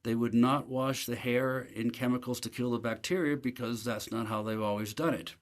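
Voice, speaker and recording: A man at an ordinary middle pitch, speaking as a guest on an interview show. He spins a long personal story in a relaxed, anecdotal manner and is readily self-deprecating about his failures. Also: moderate pace. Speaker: guest, professor.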